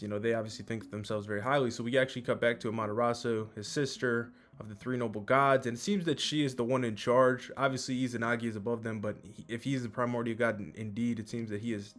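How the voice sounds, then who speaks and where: A man casually recapping a manga chapter as host, with lots of fillers and some swearing. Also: mid-range voice.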